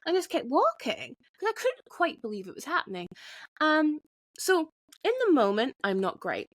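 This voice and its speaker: A woman's voice: high-pitched, very animated, moderate pace, no echo. Frank, foul-mouthed woman podcaster. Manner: frank, swears freely, many restarts. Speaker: podcast host. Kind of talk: candid solo podcast monologue.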